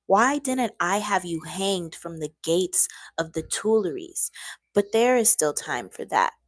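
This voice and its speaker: A woman reading aloud and voicing a furious male emperor who rants slowly and emphatically. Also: on the low side, very animated, no room sound. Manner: angry, ranting, slowed and emphatic.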